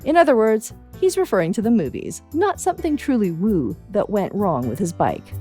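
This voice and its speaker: A woman's voice: medium pitch, wildly swooping pitch, moderate pace, mellow, soft background music. Wry Canadian woman reading the news. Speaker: newsletter reader. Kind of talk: scripted news read.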